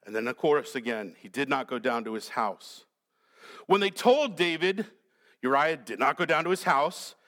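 A man's voice: medium pitch, expressive, normal speed, fairly bright tone. A male pastor preaching a sermon in a dramatic, questioning way, acting out the characters.

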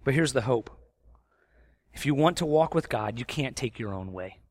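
A man preaching a sermon, swinging between loud emphatic stretches and quiet, intense asides. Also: mid-range voice, animated, normal speed, no room sound, studio quality. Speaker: pastor.

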